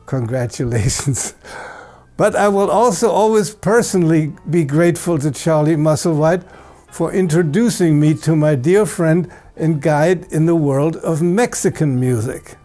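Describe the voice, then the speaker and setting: Older man presenting an award, storytelling, fairly high mellow voice. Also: unhurried, soft background music. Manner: anecdotal, fond storytelling. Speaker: award presenter, record label founder. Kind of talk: tribute speech.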